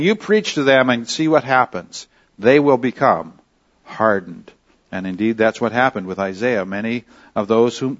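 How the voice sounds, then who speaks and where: A man preaching a verse-by-verse sermon at an unhurried, deliberate pace. He leans on repetition to drive his points home. The sound is dull and a little lo-fi. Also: medium pitch. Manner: slow, deliberate teaching with emphatic repetition. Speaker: pastor. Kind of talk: expository sermon.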